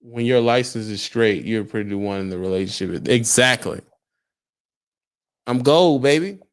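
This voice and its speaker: A man's voice: fairly low pitch, steady tone, normal speed, smooth. A young adult man, a truck driver, talking casually on a livestream, firing emphatic rhetorical questions at his viewers.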